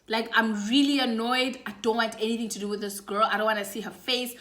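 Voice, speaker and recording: A young woman with a South African accent telling a story in a casual, animated vlog. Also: on the high side, fairly quick, hardly any pauses. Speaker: YouTuber. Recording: echoey room.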